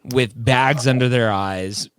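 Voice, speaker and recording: A man of medium pitch hosts a casual advice podcast. He talks emphatically, hammering his points home with rhetorical questions. His voice is close and dry, with no room sound. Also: slow pace, clear, resonant tone, dry recording. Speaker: podcast host.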